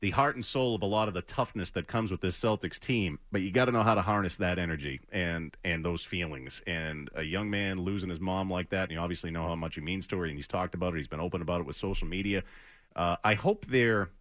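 Man, sports radio host, very low voice, earnest, rambling, dry studio sound. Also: quick pace, a bit bright, no room sound. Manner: earnest, rambling, many hesitations.

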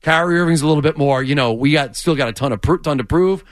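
A man's voice: fairly high pitch, fast talker, dry recording, clean studio sound. A man co-hosting a sports radio show, chatting casually and laughing often between points. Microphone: studio microphone.

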